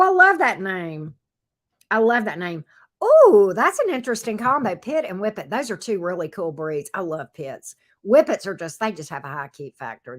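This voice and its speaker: A woman's voice: mid-range voice, fairly bright tone. A middle-aged woman, casually chatting with viewers on her livestream, answering their comments and talking to her dog from her home office. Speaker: tarot reader and livestream host.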